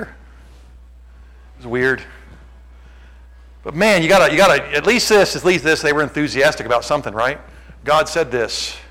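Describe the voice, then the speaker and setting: A man preaching a sermon, joking with the congregation and acting out what people say, rising to near-shouts. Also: medium pitch, rough recording. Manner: animated, jokey, acts out quotes, shouts at peaks. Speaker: pastor.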